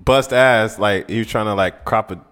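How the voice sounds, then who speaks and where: A man's voice: on the low side, normal speed, fairly bright tone. A young man chiming in bluntly and profanely during casual podcast chat. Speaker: podcast co-host.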